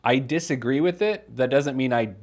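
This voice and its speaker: A man's voice: medium pitch, normal speed. A man in his thirties hosting a casual financial advice radio show, self-deprecating, reading listener letters aloud.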